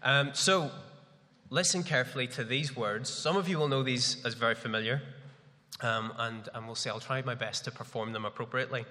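Bright-voiced preacher with a head cold. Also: male voice, mid-range voice, fairly even intonation, normal speed. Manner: chatty, self-deprecating, with many fillers. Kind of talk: sermon. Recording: long reverb of a large hall.

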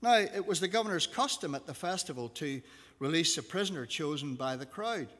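A man's voice: a little high, animated, a little fast, a bit bright. A man reading scripture aloud to a class, giving the quoted lines expression. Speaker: teacher. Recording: long reverb of a hall.

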